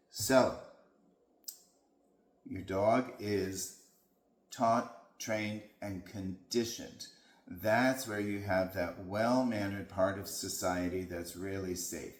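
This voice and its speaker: A male dog trainer explains his methods in a calm, patient voice. He speaks slowly, with a fairly low pitch. The room around him is echoey. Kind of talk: instructional talk.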